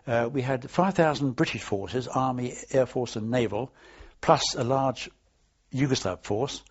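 A man's voice: mid-range voice, measured pace, breathy edge. An older man, a war veteran, telling anecdotes in an oral history interview, rambling and restarting as he goes. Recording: dull lo-fi archive tape.

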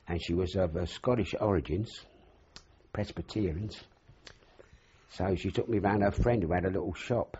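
Husky older man rambling through old yarns. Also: sits low, moderate pace, pauses often, dark tone. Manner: rambling anecdotal storyteller, acts out dialogue. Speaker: interviewee. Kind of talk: oral history reminiscence. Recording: dull lo-fi recording.

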